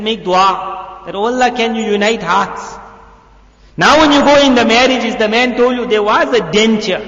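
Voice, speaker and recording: A high-pitched man delivers a lively sermon to young people, acting out little voices as he tells his story. The recording is dull and lo-fi, caught in an echoey hall with a long reverb tail. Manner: animated storytelling, acting out voices in quick asides. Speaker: molana giving a youth talk.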